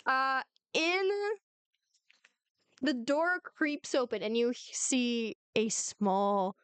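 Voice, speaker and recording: A woman's voice: a little high, expressive, very slow, fairly bright tone, clear, resonant tone, dry recording. A woman running a tabletop game over a video call, narrating in a giggly, rambling way. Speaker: game master.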